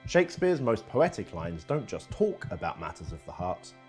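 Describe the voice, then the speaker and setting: A man's voice: low voice, very animated, normal speed, a little mellow, faint music behind. A man giving scripted educational narration, reading expressively.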